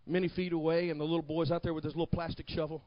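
Male pastor, high-pitched and dramatic, preaching a sermon with shouted peaks and quiet story passages, dry lo-fi recording. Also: flat delivery, very fast. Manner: preaching with shouted climaxes, then hushed storytelling.

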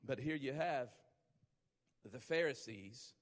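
A man's voice: medium pitch, expressive, takes it slowly, in a large hall. A man preaching a sermon as pastor, emphatic, using repeated phrases to build intensity. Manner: emphatic, repetitive build-ups, rising intensity.

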